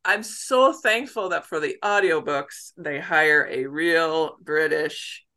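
Bright, chatty American novelist, a middle-aged woman with self-deprecating humor. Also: low voice, slow. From United States. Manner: chatty, laughs easily, warm self-deprecating. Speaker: novelist guest. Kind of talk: casual interview talk.

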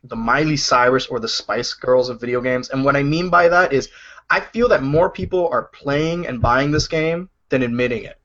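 A man's voice: mid-range voice, normal speed, fairly bright tone. A man chatting casually as a podcast co-host, rambling with lots of fillers. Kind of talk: casual chat about video games. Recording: dull lo-fi recording.

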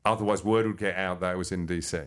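A man, a comedian guest, telling stories in a casual interview in an animated way. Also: low voice. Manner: animated, quick to slip into voices.

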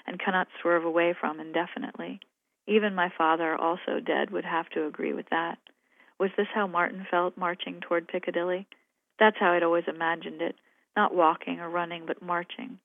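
A woman's voice: fairly low pitch, dry recording. A woman novelist talking thoughtfully and hesitantly about her writing, and reading aloud from her own novel. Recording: phone-like radio line.

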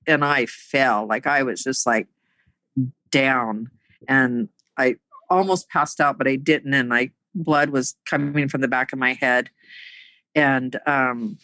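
Halting, earnest middle-aged woman. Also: rumbling low, fairly bright tone, no echo, low-quality recording. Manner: halting, with many pauses and fillers; earnest and emotional. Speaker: woman sharing her life story. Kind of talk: personal storytelling.

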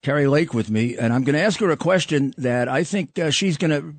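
Husky-voiced male talk host, lively pitch. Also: brisk, no room sound. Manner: rambling, blunt, with frequent restarts. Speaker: podcast host. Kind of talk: casual political talk.

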